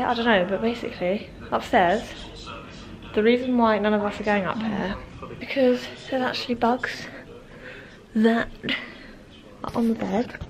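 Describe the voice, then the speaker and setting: A young woman chatting casually to camera in a vlog, giggly and rambling with lots of "like" and "um". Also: fairly high pitch. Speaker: vlogger. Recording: noisy handheld vlog recording.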